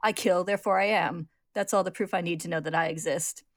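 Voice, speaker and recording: A woman's voice: lowish voice, steady tone, fairly quick, no echo, clean studio sound, lightly acted. A woman voicing a murderous male butcher whose soul sits in a suit of armor, manic and taunting. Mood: gleeful menace. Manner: manic, taunting, wild laughter.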